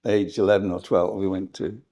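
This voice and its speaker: An older English historian reminiscing in an interview, rambling and hesitant, with frequent laughs. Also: male voice, low voice, little pitch movement, fairly quick, mellow. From England. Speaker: historian guest.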